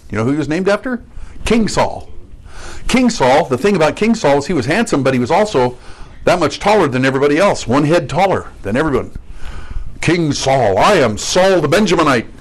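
A man's voice: mid-range voice, expressive, brisk, low-quality recording. A man preaching an expository sermon, stressing key words and putting questions to his listeners.

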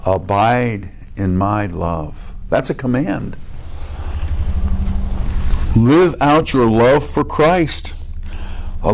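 Man preaching with rhetorical questions. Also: fairly high pitch. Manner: joking asides, restarts. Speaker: pastor. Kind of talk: sermon.

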